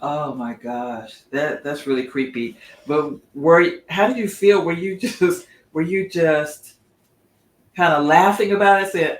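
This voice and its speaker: A woman's voice: deep voice, measured pace. A middle-aged woman co-hosting a casual chat, asking curious questions and reacting with laughter. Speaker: co-host. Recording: roomy echo with faint noise.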